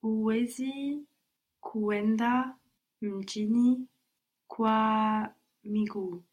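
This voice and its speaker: A woman's voice: on the high side, steady tone, drawn-out words. A woman answering as a student in a language lesson, hesitant and trying words out in pieces.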